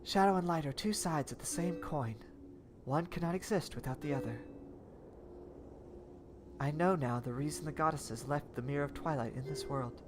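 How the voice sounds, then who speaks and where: A woman voicing a calm, wise young princess, reading game dialogue in a soft, measured way. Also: low voice, background noise, natural voice.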